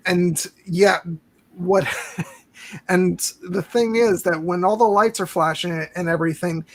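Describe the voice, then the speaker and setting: A man's voice: sits high, steady tone, unhurried. A man hosting a casual film discussion podcast, talking in a rambling way with many restarts. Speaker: podcast host.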